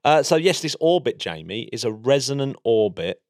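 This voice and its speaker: A man's voice: medium pitch, very animated, normal speed, dry recording, clean studio sound. An English man talking enthusiastically in a casual science chat, explaining space engineering as a podcast co-host. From England.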